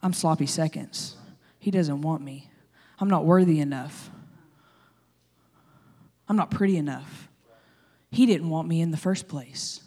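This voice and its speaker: A sad, rejected young Leah, as a woman pastor puts her on, low and hushed, sounding defeated. The sermon retelling slows into quiet self-doubt. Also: husky. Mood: dejected.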